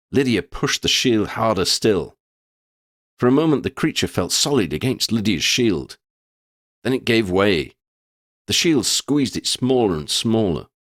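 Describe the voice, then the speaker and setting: A deep-voiced man reading fiction aloud with a very lively, swooping delivery. His dramatic, deliberate storytelling sits close and dry, with no room sound. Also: no room sound. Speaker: audiobook narrator. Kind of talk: scripted fiction narration.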